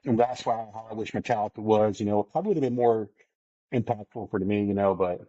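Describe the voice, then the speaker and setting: Podcast host, casual and rambling, low register, muffled lo-fi recording. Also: male voice, fairly even intonation, a little fast, no echo. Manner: rambling, fillers and restarts. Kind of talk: casual chat.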